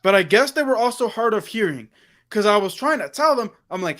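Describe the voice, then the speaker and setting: High-voiced man telling a story casually. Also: fairly quick. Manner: animated storyteller, quoting himself and others in reported dialogue. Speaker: livestream host. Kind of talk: casual chat.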